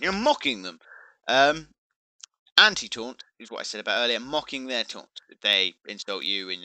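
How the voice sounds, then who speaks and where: A man's voice: lowish voice, bright, forceful tone, dry recording, low-quality recording. A man explaining a game tactic in casual chat, chatty and playful, with restarts. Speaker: gaming video creator.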